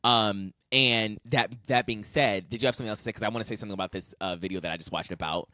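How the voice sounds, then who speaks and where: A man's voice: fairly low pitch, fast, pushed and bright, no room sound, studio quality. A young man co-hosting a podcast, chatting casually with lots of fillers and easy laughter. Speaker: podcast co-host.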